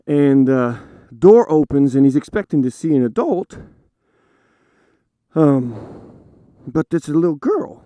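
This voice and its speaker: A man's voice: fairly high pitch, lively intonation, measured pace, dark tone, dry recording. A man casually telling a story to camera, chatty with frequent fillers and laughs. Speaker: storyteller host. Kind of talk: casual anecdote told to camera.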